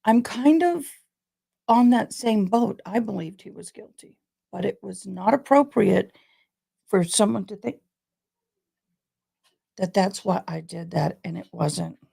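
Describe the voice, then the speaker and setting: Woman vlogging, super gravelly fry, kinda husky, rambly chat. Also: mid-range voice, animated, a little slow, long pauses, mellow. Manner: rambling, conversational. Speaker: true crime vlogger. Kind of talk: casual chat to viewers.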